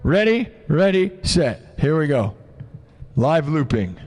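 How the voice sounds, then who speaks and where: A man ranting casually to his live-stream audience, joking around and acting out quick little exchanges in other voices. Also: a little high, big pitch swings, darkish tone. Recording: music playing behind the voice.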